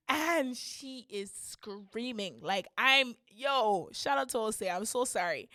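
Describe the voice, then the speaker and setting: A woman's voice: on the high side, a little slow, dry recording, clean studio sound. Young woman telling a wild story. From Canada. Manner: animated, slangy, rising to shrieks. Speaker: podcast host. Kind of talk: casual storytelling.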